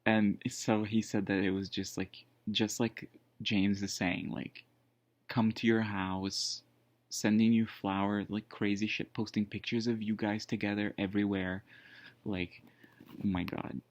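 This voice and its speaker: A man's voice: lowish voice, level tone, measured pace, no echo. A man casually telling a personal story, rambling with lots of fillers and restarts. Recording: dull lo-fi dry sound.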